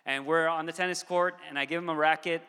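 A man's voice: on the high side, steady tone, quick pace, sharp tone, clear, resonant tone. A man in his thirties preaching a sermon as pastor, conversational, with frequent "okay" asides. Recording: long hall reverb.

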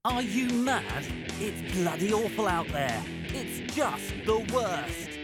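A woman putting on a made-up, mixed accent for a gloomy show opening, drawling slowly. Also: mid-range voice, big pitch swings. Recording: music bed under the voice.

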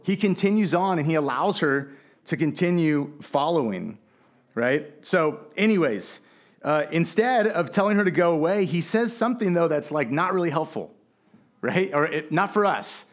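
Casual preaching man, higher voice. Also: lively intonation, normal speed. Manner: casual conversational preaching with many fillers. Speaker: pastor. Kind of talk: sermon.

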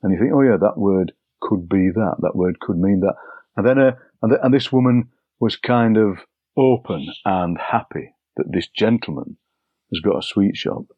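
An older man, a poet, telling anecdotes in a relaxed interview and acting out overheard phrases. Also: fairly low pitch, normal speed, no room sound, phone-quality sound. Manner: chatty, anecdotal, acts out overheard lines. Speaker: poet and broadcaster, interview guest. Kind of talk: relaxed storytelling conversation.

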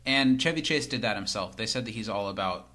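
A man's voice: lowish voice, brisk, bright, forceful tone. A man co-hosting a casual podcast, recapping scenes, quoting lines and laughing often. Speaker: podcast co-host. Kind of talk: casual rewatch chat.

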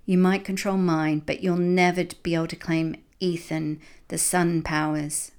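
A woman's voice: on the low side, flat delivery, unhurried, a little mellow, clear, resonant tone. A woman reading a storybook aloud and voicing a brave, tall and strong woman who speaks defiantly.

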